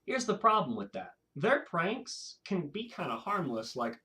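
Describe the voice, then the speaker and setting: A man hosting his own video, talking casually to camera in a rambling, animated way and laughing often. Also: fairly high pitch, normal speed, few pauses. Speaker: video host.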